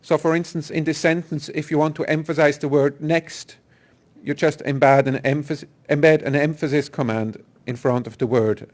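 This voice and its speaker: A man's voice: on the high side, fairly even intonation, moderate pace, darkish tone. A man giving a technical conference talk, explaining step by step with some fillers and restarts. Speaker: software engineer presenter.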